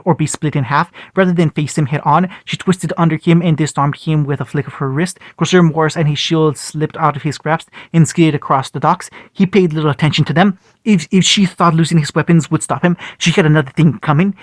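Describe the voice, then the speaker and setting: A man's voice: fairly high pitch, a little fast, few pauses, dry recording. A man reading a fan fiction story aloud, often stumbling and restarting words.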